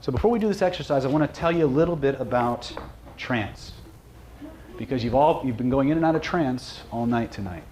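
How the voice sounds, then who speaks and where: A man's voice: medium pitch, expressive, fairly quick, a little mellow. Man, seminar presenter, joking, questions the audience, faint background hiss. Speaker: seminar presenter, hypnosis trainer. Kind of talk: live seminar talk.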